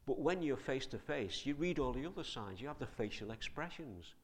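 A man preaching a sermon in a conversational, animated way, asking his listeners many questions. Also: mid-range voice, fairly quick.

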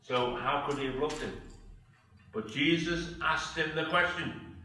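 A man's voice: mid-range voice, moderate pace, sharp tone, a little hiss or hum. A man preaching a sermon in a church, earnestly asking the congregation question after question. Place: church hall. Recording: echoey hall, mic far off.

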